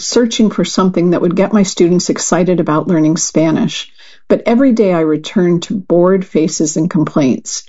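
Husky low-voiced woman reading aloud. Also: dark tone, muffled recording. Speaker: volunteer reader. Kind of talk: reading a magazine article aloud.

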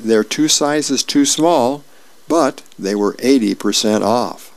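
A man's voice: medium pitch, takes it slowly. A man voicing a cartoon wife sweetly coaxing her husband for help with shoes that are too small.

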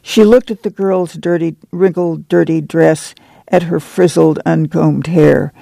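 A man narrating an audiobook in a measured, steady storytelling manner. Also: fairly high pitch, gravelly, dry recording. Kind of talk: scripted literary narration.

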